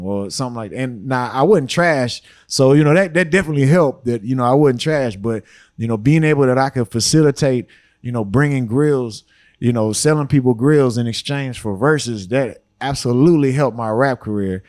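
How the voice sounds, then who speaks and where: A man in his forties with an easy drawl, rambling through stories as a podcast guest. His voice sits at a middle pitch, neither deep nor high. He talks in loose, relaxed runs, often dropping in "you know.". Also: normal speed. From Houston, Texas. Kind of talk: storytelling interview talk.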